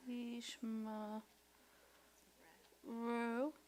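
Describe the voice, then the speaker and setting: Slow hesitant woman sounding out syllables. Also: fairly high pitch, level tone, a little mellow, poor audio. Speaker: student. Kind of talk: sounding out words in class.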